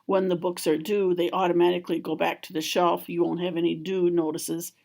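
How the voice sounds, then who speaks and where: A woman calmly walking through a software tutorial step by step, as a school library trainer. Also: fairly low pitch, a little fast, vocal fry. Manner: calm, step-by-step explaining. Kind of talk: screen-recorded software tutorial.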